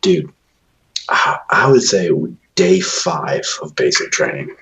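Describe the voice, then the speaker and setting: Brief: male podcast co-host, very deep voice, lively delivery, casual and profane. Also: slow pace, muffled recording, slight background noise. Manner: relaxed storyteller, swears often, habitually polite with sir and ma'am. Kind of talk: casual chat.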